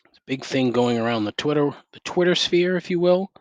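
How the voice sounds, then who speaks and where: Ranting solo on his podcast, a middle-aged man swears constantly and drips sarcasm, jittery from caffeine and talking into a gaming headset at home. He speaks on the high side and a little fast. The audio has no echo.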